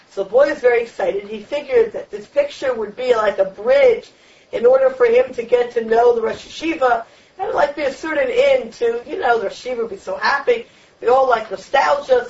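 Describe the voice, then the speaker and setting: A woman with a high voice teaches a Torah lecture, driving her points home through repeated, emphatic phrases. She sits well away from the microphone. The recording is muffled and lo-fi. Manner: emphatic, repetitive preaching cadence. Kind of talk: Torah lecture on the weekly portion. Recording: distant, dull lo-fi room recording.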